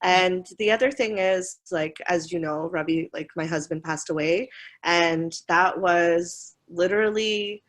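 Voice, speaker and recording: A woman in her forties speaks as a school administrator in a relaxed interview. She tells stories with energy, laughing often and slipping into quick impressions of the people she quotes. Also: on the low side. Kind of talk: casual interview storytelling.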